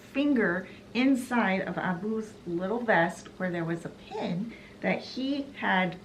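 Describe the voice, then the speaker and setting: A woman book vlogger retells a novel in an animated, chatty way. Her voice sits at a medium pitch. She sounds casual and conversational. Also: slight background noise, rough recording.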